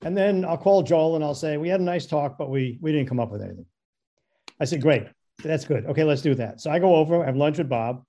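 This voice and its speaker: A man's voice: a little high, a little fast, mellow. A man telling a long anecdote in casual talk, stammering and repeating words as he acts out what others said. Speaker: guest storyteller.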